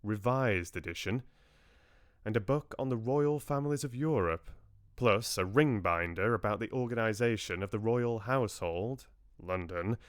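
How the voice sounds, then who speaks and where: A man reading a novel aloud on a livestream in a measured, expressive way. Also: fairly low pitch, no room sound, clean studio sound. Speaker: book club host reading aloud. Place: home livestream.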